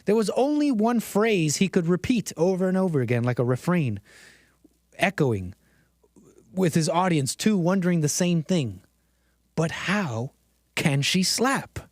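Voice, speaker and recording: A man's voice: sits high, very animated, moderate pace, a little mellow, no echo, clean studio sound. A man hosting a live-streamed commentary show, talking in a theatrical, mock-dramatic way and repeating phrases for effect.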